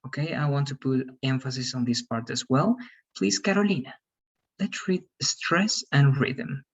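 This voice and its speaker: A man's voice: mid-range voice, moderate pace, highs cut off. A man teaching English pronunciation over a video call, patient and repetitive, calling on students by name. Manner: patient, repeats okay and right, calls on students by name. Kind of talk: online class teaching.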